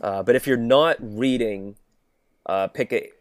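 A man's voice: medium pitch, unhurried, no echo. An enthusiastic male podcast co-host chatting casually about a book. His voice sits mid-range and the recording is dry and close, with no room sound. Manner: enthusiastic, laughing. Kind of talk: casual fan discussion.

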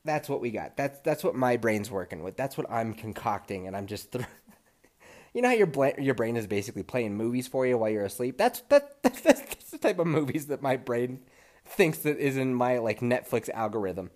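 Still shaking off a cold, a man hosting a podcast recounts a dream with plenty of laughter and profanity in an easygoing monologue. His medium-pitched, slightly mellow voice swings widely in pitch at a normal pace.

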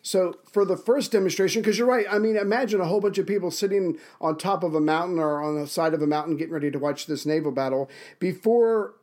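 A man's voice: sits high, fast, a little mellow. A man co-hosting a history podcast, riffing and swearing in casual chat. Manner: profane, riffs and retells events with acted-out asides. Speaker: podcast co-host.

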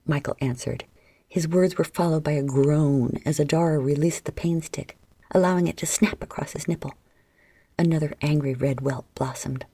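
A woman narrating an erotic story in a soft, half-whispered delivery close to the mic. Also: sits low, steady tone, moderate pace, slightly rough, no echo.

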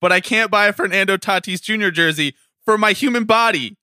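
A man co-hosting a casual sports chat, ranting in an animated way, swearing and laughing often. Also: sits high, a little fast, clean tone, dry recording, studio quality. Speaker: podcast co-host.

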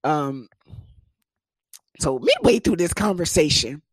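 A man's voice: slow, husky, no echo. Young guy telling a funny story, cursing a lot, voice bouncing all over, dead dry recording. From United States. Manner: animated, swearing, mimics others in high voices. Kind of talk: comedic personal storytelling.

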